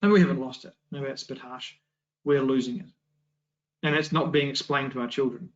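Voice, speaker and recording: A man's voice: mid-range voice, fairly even intonation, brisk, highs cut off. Conversational man teaching a Bible class. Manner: conversational, many restarts and rhetorical questions. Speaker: Sunday school teacher.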